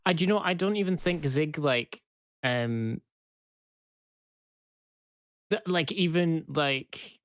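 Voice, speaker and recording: A man's voice: fairly high pitch, a little slow, no room sound, clean studio sound. A man playing in a tabletop role-playing game, speaking casually and thoughtfully, often trailing off mid-sentence. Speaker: player.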